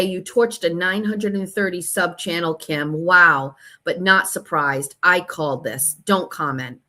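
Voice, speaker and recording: A woman's voice: on the low side, fairly bright tone. A woman hosting her own show, casually recounting an online feud and reading out messages in a gossipy, exasperated way with some swearing. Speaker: host.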